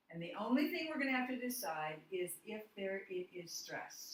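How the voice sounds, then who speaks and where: A woman's voice: on the low side, fairly bright tone. A woman teaching a phonics lesson, explaining step by step and often checking in with "okay". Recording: roomy echo, distant mic, faint noise.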